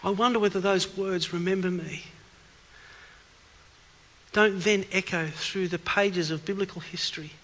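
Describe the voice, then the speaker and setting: In a church hall full of long reverb, a male preacher with a high-sitting, fairly bright voice delivers an evening sermon. His manner is questioning and emphatic, pressing his points and rising in intensity.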